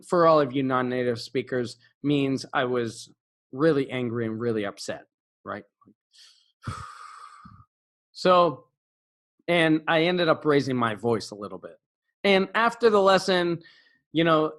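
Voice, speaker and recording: A young man and English teacher telling a personal classroom story casually, acting out quotes with big pitch jumps and frequent fillers and self-corrections. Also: fairly bright tone.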